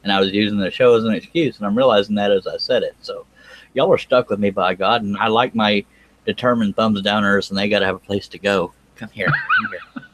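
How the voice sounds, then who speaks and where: A middle-aged man with a fairly low voice hosts a casual live stream. His talk is folksy and joking, and he often pokes fun at himself. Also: fairly even intonation, fast. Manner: joking, folksy, self-mocking. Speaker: show host.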